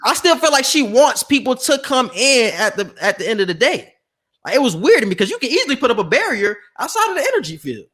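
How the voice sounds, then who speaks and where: A man co-hosting a podcast, talking in a slangy, animated way and acting out quotes in casual chat. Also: very high voice, fast talker, slightly rough. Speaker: podcast co-host.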